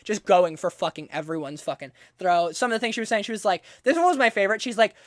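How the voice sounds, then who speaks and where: A woman's voice: medium pitch, quick pace, no echo, studio quality. A woman hosting a casual podcast, telling a story with lots of swearing and sarcasm. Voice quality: profane, sarcastic, animated storyteller. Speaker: podcast host. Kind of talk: casual chat.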